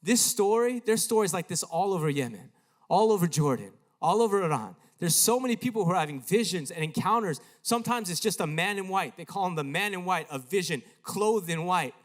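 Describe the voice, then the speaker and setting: A male pastor preaching in a church, voice sitting a little high for a man. He tells the story with animated energy and acts out each quoted voice. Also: a little fast. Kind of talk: sermon storytelling. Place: church sanctuary.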